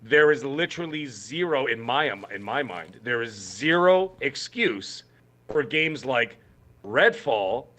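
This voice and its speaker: Bright-voiced man ranting on a podcast. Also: mid-range voice, lively intonation, slow pace, a little hiss or hum. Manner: emphatic, rambling, with many restarts. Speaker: podcast co-host. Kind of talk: casual podcast chat.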